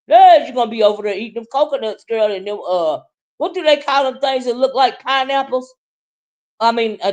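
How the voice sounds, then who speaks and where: A woman hosting a casual livestream, teasing loudly and swinging from low mutters to shouts. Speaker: livestream commentary host.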